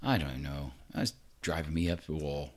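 A man co-hosting a casual podcast chat, telling stories with animated exasperation and swearing freely. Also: brisk. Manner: animated, voice jumps high when exasperated. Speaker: podcast co-host.

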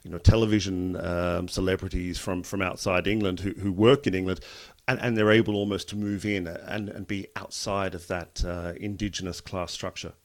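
A man's voice: deep voice, fairly even intonation, normal speed. A man hosting an interview who asks thoughtful questions and repeats words as he forms them. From Ireland. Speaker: interviewer host.

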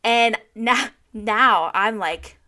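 Young woman telling a profane, animated story. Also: on the high side, extremely slow. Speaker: podcast co-host. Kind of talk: casual chat.

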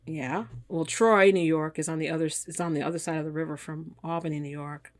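A woman in her fifties with a lowish voice tells a long personal story as a guest, animated and quick to act out the people she quotes. The sound is close and dry, with no room around it. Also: no room sound. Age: 50s. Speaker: guest, engineer. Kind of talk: storytelling in a conversation.

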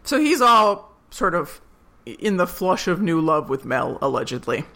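A young woman co-hosting a podcast in casual chat, talkative and quick to laugh. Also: on the low side, big pitch swings, sharp tone. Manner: chatty, laughs often, quick asides. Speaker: podcast co-host.

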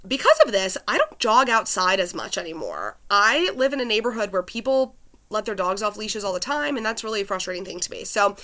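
A woman with a bright, sharp-edged voice tells a personal story in relaxed conversation. She is chatty and animated and scatters "like" through her sentences. Her delivery stays loose and unscripted. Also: mid-range voice, fairly quick. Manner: chatty, lots of "like" fillers, animated retelling. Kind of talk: casual chat, telling a personal story.

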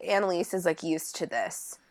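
A woman's voice: lowish voice, lively intonation, moderate pace, dry recording. A young woman in casual chat, co-hosting with wry, dry asides and some swearing. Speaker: podcast co-host.

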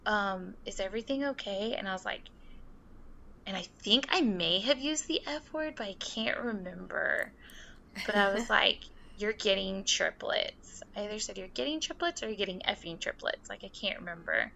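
At a moderate pace and medium pitch, with a creaky voice, a young woman on a podcast relates a story casually. She stays animated, imitating the voices of the people she quotes, and the sound is slightly dull with faint noise.

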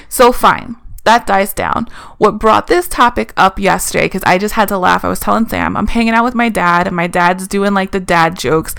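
Woman co-host, casual storyteller with a gravelly edge, dry close sound. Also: medium pitch, normal speed, a bit bright, no room sound. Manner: chatty storytelling, frequent "like" fillers. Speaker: podcast co-host. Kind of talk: casual chat.

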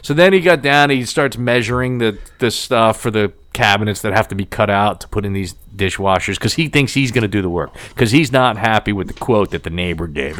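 Brisk and with few pauses, this forty-something man's lowish voice comes through with no room sound. He's chatting about his family, cursing and performing the voices of everyone he quotes with lots of energy.

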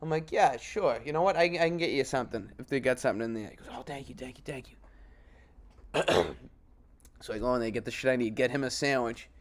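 A man's voice: mid-range voice, racing, hardly any pauses. A man in a casual chat, joking and laughing as he tells a story.

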